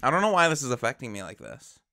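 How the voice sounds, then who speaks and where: A man hosting a reaction video, talking in a gushing, excitable and emotional way. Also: mid-range voice, fast, vocal fry. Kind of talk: casual reaction commentary. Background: faint music.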